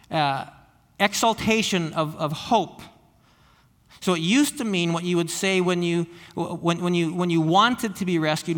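A male pastor delivers an earnest sermon, often stumbling into repeated words before pressing on. His voice sits high for a man. The recording carries the long reverb of a large hall. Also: a bit bright.

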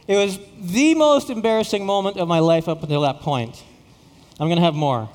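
A middle-aged male pastor from Saskatchewan tells a story in a sermon, stumbling and repeating his words with self-deprecating humor. His voice sits a bit high for a man. It rings with the long reverb of a big hall. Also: normal speed. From Saskatchewan, Canada.

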